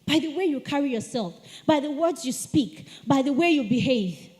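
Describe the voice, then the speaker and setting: A woman giving a lively etiquette talk to teenagers at a church retreat, calling on the audience to answer. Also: high-pitched, moderate pace. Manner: animated, asks the audience to respond. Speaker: speaker at a teen church retreat. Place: church hall. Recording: long hall reverb.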